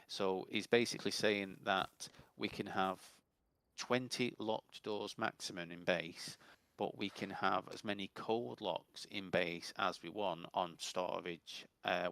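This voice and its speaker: A man's voice: deep voice, creaky, a bit bright, no echo. A man in a casual gaming voice chat, rambling as he explains game rules at length. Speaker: gamer in a voice chat.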